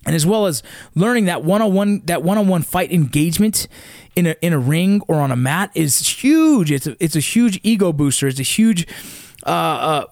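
A man's voice: a little high, expressive, normal speed, a little mellow, no room sound, studio quality. A middle-aged man, a father, telling a heated, profane story about his kids' sports in a blunt casual way. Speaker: father of wrestling kids.

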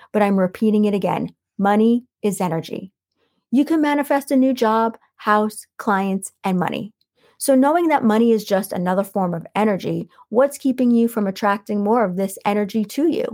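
A middle-aged woman hosting her own podcast, coaching listeners in a calm, soothing voice and reading quotes out slowly. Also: medium pitch. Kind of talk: solo podcast teaching.

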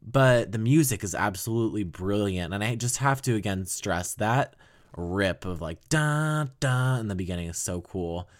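Speaking at normal speed in a lowish voice, a young man hosts a podcast and casually reviews a favorite album. He wanders off on tangents, laughs often and drops the occasional swear.

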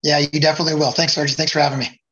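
A man's voice: fairly high pitch, little pitch movement, very fast, pushed and bright, muffled recording. A middle-aged man, a hockey coach, chatting as a podcast guest and rambling with many fillers and restarts. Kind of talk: casual podcast chat.

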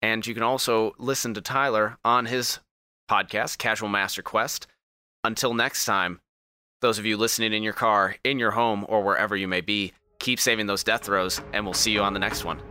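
A man hosting a tabletop gaming podcast, wrapping up the episode in a smooth, announcer-like way. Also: on the low side, fairly even intonation, moderate pace, pushed and bright, dry recording. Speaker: podcast host. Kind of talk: podcast outro, casual group chat.

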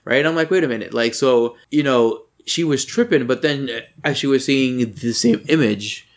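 A man's voice: medium pitch, moderate pace. Rambling, profane man reviewing a movie. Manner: rambling, profane, animated when annoyed. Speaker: podcast co-host. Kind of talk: casual movie review chat.

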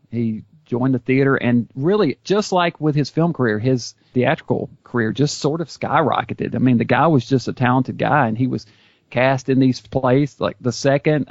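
A man with a gravelly edge to his voice chats eagerly about old films, piling up details and restarting his sentences. His voice sits close and dry, and the sound is a bit dull and lo-fi. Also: medium pitch, darkish tone, dry recording. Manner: knowledgeable, enthusiastic, with restarts. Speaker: YouTube series host, guest. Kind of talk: casual podcast chat.

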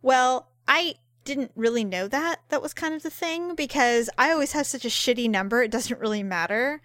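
A woman co-hosting a casual chat, telling stories with loud exclamations and frequent laughter. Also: high-pitched, moderate pace, dry recording. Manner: animated, exclaims and laughs loudly. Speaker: podcast co-host.

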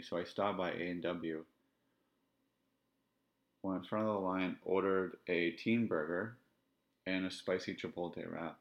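A man with a very deep voice tells a personal story on his podcast. He talks in a reflective, halting, candid way, pausing to find words. The sound is dull and lo-fi. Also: steady tone. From Canada. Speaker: podcast host.

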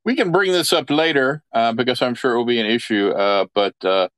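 Smooth-voiced man rambling. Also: mid-range voice, a little fast, a bit bright, dry recording. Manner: rambling, self-correcting. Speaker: player. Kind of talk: casual game chat in character.

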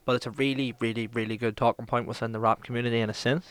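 Northern Irish male co-host, loose and sweary, mid pitch, dry close sound. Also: little pitch movement, fairly bright tone, clean tone, no room sound. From Northern Ireland. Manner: rambling, swears a lot, quick to laugh. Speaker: podcast co-host. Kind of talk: casual chat.

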